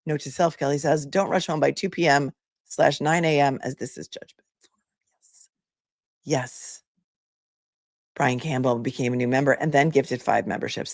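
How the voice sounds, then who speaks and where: A woman's voice: low voice, brisk, no echo, studio quality. A woman in her forties hosting a casual livestream, chatting and reading viewer comments aloud. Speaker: legal commentary livestream host.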